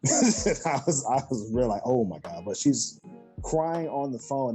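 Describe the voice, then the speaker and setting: A podcast co-host in casual chat, telling lively stories and acting out callers. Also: medium pitch, normal speed, faint music behind. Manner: animated storyteller acting out callers. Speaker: former call center agent.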